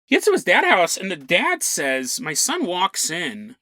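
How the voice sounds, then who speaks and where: Animated, bright-voiced man telling a funny story. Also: sits high, a little slow, dry recording. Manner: rambling, jokey, acts out quotes in funny voices. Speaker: podcast host. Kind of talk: comedic storytelling.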